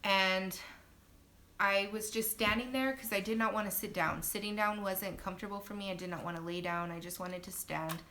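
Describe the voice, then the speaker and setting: A woman's voice: fairly even intonation, normal speed, pushed and bright. A young woman and new mother casually telling her birth story to viewers on a livestream, chatty and talking straight to her audience. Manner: chatty, talks to viewers directly. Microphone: phone livestream. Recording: low-quality livestream audio with faint noise.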